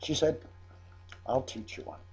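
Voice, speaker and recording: A man's voice: a little slow, darkish tone. An older man from England telling a chatty personal anecdote, amused at himself, with frequent restarts. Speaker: storyteller.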